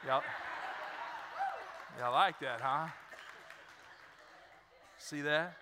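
A man's voice: on the high side, extremely slow, crowd noise, noisy background. A middle-aged male pastor, preaching a sermon and acting out the voices in his stories. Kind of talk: sermon with personal storytelling. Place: large church hall. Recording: reverberant church sanctuary.

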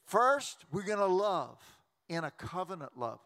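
A man, preaching a sermon as a pastor in a folksy, joking way with quick restarts. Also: high-pitched, very animated, fairly bright tone. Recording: long reverb of a large hall.

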